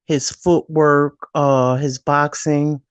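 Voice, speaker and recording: A woman joining a live stream by call, talking boxing in a measured, hesitant way with many fillers. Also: low voice, little pitch movement, smooth, no echo.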